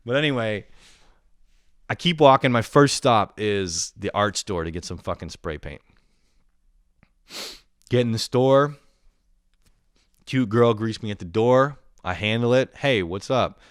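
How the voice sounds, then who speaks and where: A man's voice: on the low side, expressive, unhurried, long pauses, clean tone, no room sound, studio quality. A young man telling a rambling, profane story in a casual monologue, often getting worked up as he retells it. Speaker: vlogger.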